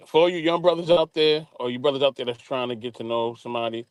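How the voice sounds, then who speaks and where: A man's voice: mid-range voice, fairly even intonation, quick pace, clear, resonant tone, no room sound. A man on a call-in show giving earnest, preachy advice straight to the listeners. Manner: preachy, addresses listeners directly. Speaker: call-in guest.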